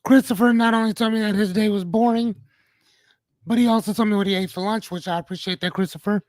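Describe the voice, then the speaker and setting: A man's voice: high voice, fairly even intonation, fast, dry recording. A man hosting a casual livestream, chatting playfully with viewers in a rambling way and greeting them by name. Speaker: livestream host.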